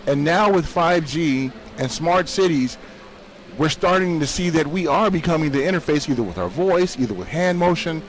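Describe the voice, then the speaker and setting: A man's voice: on the high side, expressive, moderate pace, poor audio. A man hosting a tech show, asking long, rambling questions in an on-site interview.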